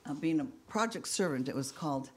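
A woman sharing her personal testimony with a congregation in a candid, self-deprecating, halting way. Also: low voice, animated, slight background noise. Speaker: minister's wife giving testimony.

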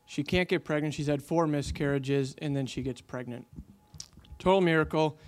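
Smooth-voiced man telling a story. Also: fairly high pitch, moderate pace. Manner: animated storyteller acting out quotes, many fillers. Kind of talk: casual storytelling in conversation.

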